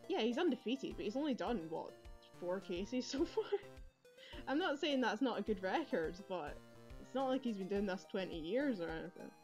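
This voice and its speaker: A woman's voice: medium pitch, animated, moderate pace, darkish tone, faint music behind. A young woman giving chatty, rambling commentary while playing a video game, laughing often, recorded on earbuds. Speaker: let's play gamer. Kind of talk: casual gameplay commentary.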